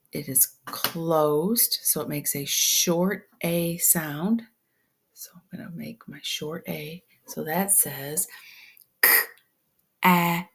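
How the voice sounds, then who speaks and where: A woman teaching a phonics lesson step by step, patient and slow, often dropping to a whisper. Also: lowish voice, gravelly, slightly rough.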